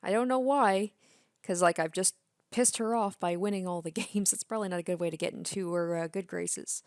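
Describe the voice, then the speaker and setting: A woman's voice: fairly low pitch, steady tone, a little fast, no echo, clean studio sound. A woman hosting a let's play, musing chattily as she plays through a game. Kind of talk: casual game commentary.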